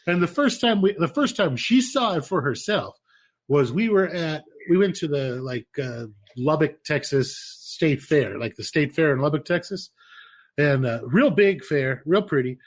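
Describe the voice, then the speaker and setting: A man co-hosting a podcast, telling rambling stories in a casual, profane, animated way. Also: a little high, unhurried. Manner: animated, profane, laughing storyteller. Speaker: podcast co-host. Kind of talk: casual chat, storytelling.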